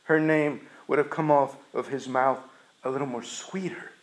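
A man's voice: medium pitch, steady tone, normal speed, low-quality recording. A man preaching a sermon, retelling a scripture story in an earnest, emphatic way.

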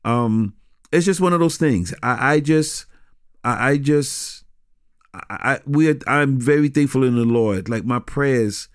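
A middle-aged man telling stories from his years in street ministry, animated, with many restarts. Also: mid-range voice, measured pace, no echo, clean studio sound. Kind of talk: conversational storytelling.

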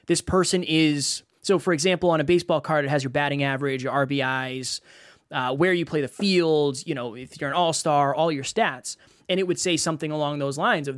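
Man, podcast host, energetic, rhetorical questions, slightly high voice, dry sound. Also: no echo. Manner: energetic, uses sports examples, asks rhetorical questions. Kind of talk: casual podcast chat.

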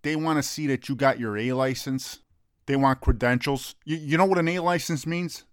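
Brief: brash wisecracking man, mid pitch, dry close mic. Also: moderate pace, clean tone, no echo. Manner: blunt, teasing, swears freely, street-tough talk. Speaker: friend of the coach. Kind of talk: comedic sketch dialogue.

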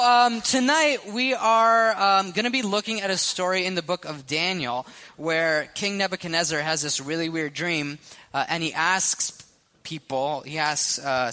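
A man on church staff leading a casual youth sermon, relaxed and chatty with many fillers. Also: a little high, long reverb tail. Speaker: youth pastor. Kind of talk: casual sermon with group sharing.

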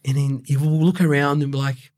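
A man's voice: medium pitch, steady tone, fairly quick, darkish tone. A young Australian man from Brazil, telling his story as a guest in a casual interview, rambling with heavy swearing and fillers. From Brazil, raised in Australia.

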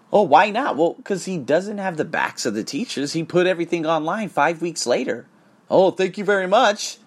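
A husky voice rants straight to camera, pitch leaping up and dropping low as the points land. The talk is profane and emphatic, heated but loose and conversational, like an unscripted vlog. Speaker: English teacher in Bangkok. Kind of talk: casual ranting vlog.

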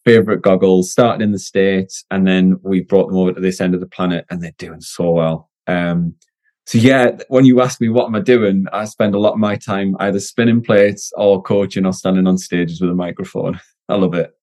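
Man, middle-aged, candid, energetic, lowish pitch. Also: normal speed. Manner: energetic and candid, frequent restarts. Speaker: guest, former Olympic swimmer and business owner. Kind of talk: casual podcast interview.

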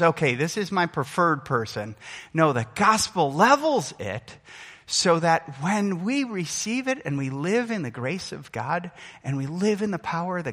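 Preaching a sermon, a middle-aged pastor speaks in a high-pitched, bright, forceful voice. His earnest, emphatic delivery rises and falls. Recorded in a church sanctuary, the sound carries a long hall reverb.

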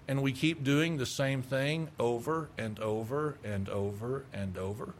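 A man's voice: on the high side, moderate pace, few pauses, fairly bright tone. A middle-aged male pastor preaching a sermon with emphasis, acting out the replies people give. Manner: emphatic, acts out quoted replies.

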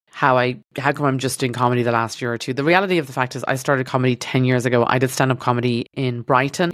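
A woman's voice: extremely low pitch, dry recording. An Irish woman hosting a podcast from a studio, talking in a rambling, self-deprecating comedic monologue that swears freely. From Ireland. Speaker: podcast host.

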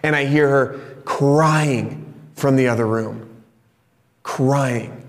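A man in his thirties, a pastor preaching a sermon through a personal story, candid and animated, sometimes turning soft and confessional. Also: medium pitch, slow pace. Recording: long reverb of a large hall.

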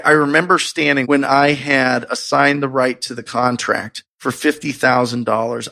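A man telling a personal story in a casual, expressive way, acting out his own excited reactions. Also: medium pitch, creaky. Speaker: real estate investor telling his story.

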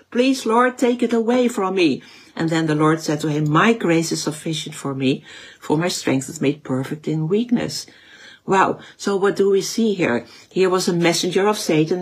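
A woman's voice: low-pitched, slightly rough. A woman teaching from the Bible in a conversational way, with frequent restarts and fillers.

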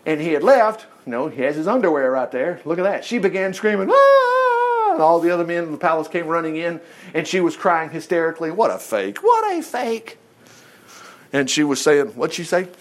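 A man with a high voice teaches a Bible study. He reads scripture aloud and breaks off into folksy exclamations and rhetorical questions. His pitch swings widely from line to line. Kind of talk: reading scripture aloud with running commentary.

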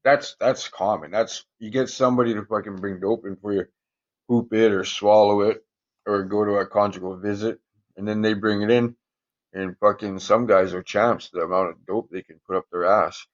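A man's voice: lowish voice, fairly even intonation, normal speed, highs cut off. A man casually telling profane, rambling stories in a podcast interview, chuckling often. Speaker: guest, former prisoner.

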